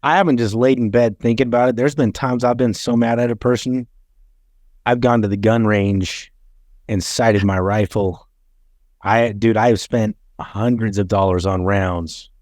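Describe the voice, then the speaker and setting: A male podcast host with a low voice talks bluntly, with quick, swearing bursts. The sound is dry and close, with no room echo. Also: steady tone, darkish tone. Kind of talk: casual chat.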